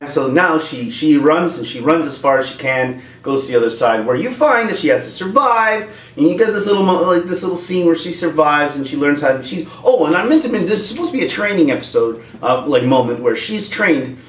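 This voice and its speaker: Animated man ranting with comedy flair. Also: fairly high pitch, fairly quick, hardly any pauses. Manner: animated, rambling, breaks into voices. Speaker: video creator. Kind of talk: comedic rant. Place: room at home with a dog. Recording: roomy, distant from mic.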